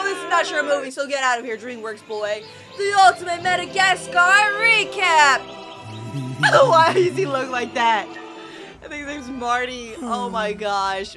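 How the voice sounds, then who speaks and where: A young woman hosting a reaction video, excitedly commenting and laughing often. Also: high voice. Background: video soundtrack music playing.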